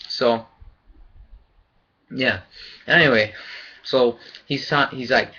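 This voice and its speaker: A man's voice: medium pitch, takes it slowly, bright, forceful tone, slightly rough, lo-fi sound. A man giving a casual, rambling fight review, loose and profane in his opinions. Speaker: boxing vlogger.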